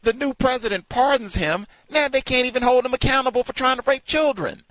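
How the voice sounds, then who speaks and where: A man's voice: very high voice, a little fast, a bit bright, dry recording, rough recording. A man hosting a call-in talk show, delivering sardonic, emphatic commentary.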